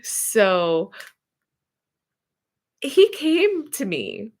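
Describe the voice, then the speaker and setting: A woman's voice: fairly high pitch, very animated, extremely slow. A woman therapist telling a personal story in a casual, chatty way, rambling and correcting herself as she goes. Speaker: therapist and hypnotherapist.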